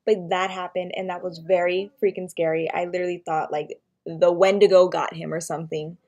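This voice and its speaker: A woman's voice: on the low side, fairly quick. Chatty young woman telling a storytime. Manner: animated retelling, many "like" fillers, acted-out quotes. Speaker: vlogger. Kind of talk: storytime vlog.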